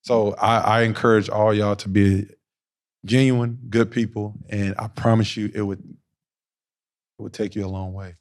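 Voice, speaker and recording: A man's voice: fairly low pitch, little pitch movement, a little slow. A man giving a blunt, slangy motivational talk to young players at a basketball camp. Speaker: guest speaker at a youth basketball camp.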